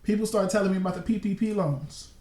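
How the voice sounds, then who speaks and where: A man's voice: sits high, fast, a little mellow. A man in his forties giving casual commentary and spinning a long hypothetical scenario, repeating points for emphasis. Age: 40s. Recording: roomy echo, distant mic.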